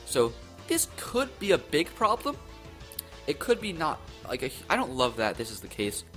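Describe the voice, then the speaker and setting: A young man casually commenting on game news, rambling and excitable, often restarting his sentences into his own microphone. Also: fairly high pitch, moderate pace, faint music behind. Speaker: gaming YouTuber. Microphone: own desk microphone.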